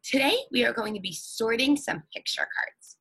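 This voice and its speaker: A woman teaching an online phonics lesson to young children, sounding out words slowly and with exaggerated emphasis. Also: fairly high pitch, expressive, fairly bright tone, husky, poor audio.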